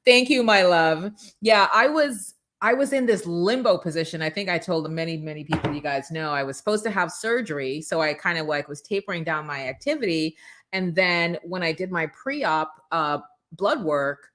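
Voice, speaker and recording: A woman hosts a live motivational morning show with a slightly low voice. She coaches her viewers in an energetic, preachy way. She talks straight to them and calls out to them by name. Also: moderate pace. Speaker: host.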